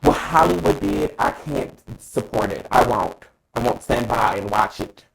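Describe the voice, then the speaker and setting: Male co-host, lively and gravelly, emphatic and profane in casual opinion talk. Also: medium pitch, measured pace, low-quality recording. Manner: dramatic, emphatic, profane, addresses co-hosts by name.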